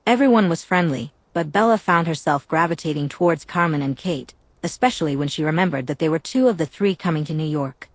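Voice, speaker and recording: A woman reads a fanfiction audiobook in a steady, even narration. Her voice is low and sits close and dry on the mic, with no room around it. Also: a little fast, hardly any pauses, no room sound.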